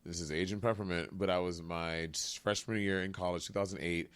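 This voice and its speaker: A man from New York City, a podcast guest in casual chat, telling stories in an animated, self-mocking way. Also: low voice, a little fast, clean tone.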